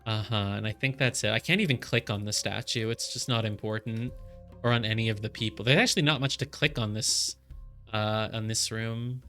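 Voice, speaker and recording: Bright-voiced chatty male streamer. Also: lowish voice. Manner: chatty, puzzling aloud with many fillers. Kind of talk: live game commentary.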